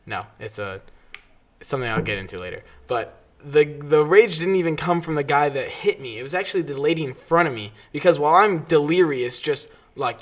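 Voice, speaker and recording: A young man co-hosting a casual podcast, spinning stories with plenty of energy. He swears freely and keeps slipping into impressions of the people he describes. His voice sits a bit higher than most men's. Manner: animated storytelling, swears freely, mimics people. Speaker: podcast co-host. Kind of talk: casual chat.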